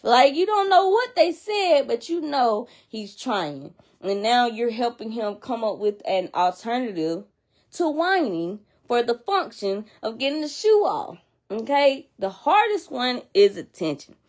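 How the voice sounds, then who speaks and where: A woman's voice: fairly high pitch, sing-song, measured pace. A woman casually explaining to viewers why children act out, talking chattily and emphatically and checking in with her listeners as she goes. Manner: chatty and emphatic, repeats and restarts while explaining; addresses listeners directly, checking in with "okay?" and "you know what I'm saying?". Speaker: child behavior educator.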